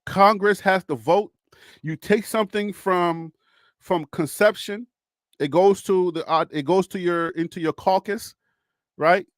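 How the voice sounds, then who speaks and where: High-voiced man chatting, dry close sound. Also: fairly even intonation, unhurried, no room sound. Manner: laughs often, chatty, explains step by step; addresses a caller or chatter directly. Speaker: host. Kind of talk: casual political discussion.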